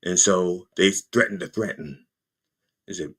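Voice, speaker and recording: A middle-aged man hosting a podcast, delivering a rambling, profane comedic political monologue with jokey asides, sometimes shifting into high mocking voices to quote people. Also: fairly even intonation, unhurried, fairly bright tone. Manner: puts on high mocking voices when quoting. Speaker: podcast host.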